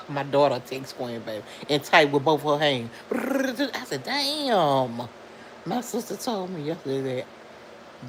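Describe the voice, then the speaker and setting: Reading out viewer comments and chatting loosely, a middle-aged woman hosts a casual livestream with a lively voice that swoops upward to stress things. A faint hiss or hum runs under the low-quality recording.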